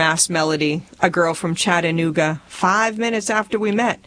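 A woman's voice: lowish voice, normal speed, fairly bright tone. A woman in her forties from rural Tennessee with a Southern accent, reading her own memoir aloud in a folksy, humorous storytelling manner. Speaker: memoir narrator.

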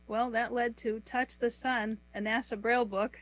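A woman in middle age talks through her work as an interview guest, her voice sitting a little high for a woman. She explains patiently and takes things one at a time, slowing down when she lists items. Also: little pitch movement, poor audio. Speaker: author and guest. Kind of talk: conversational interview answers.

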